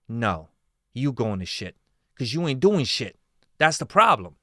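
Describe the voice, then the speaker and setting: A man's voice: medium pitch, lively intonation, unhurried, pushed and bright, no echo, studio quality. A man giving heated reaction commentary, swearing often and firing off rhetorical questions.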